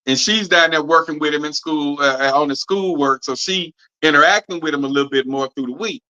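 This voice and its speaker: A middle-aged man telling a long family story on a podcast in a drawling, animated way. He keeps repeating "I say" and puts on voices for the people he quotes. His voice is bright, sits a little high, and comes through dull, lo-fi stream audio. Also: a little fast. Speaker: podcast host. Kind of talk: casual storytelling chat.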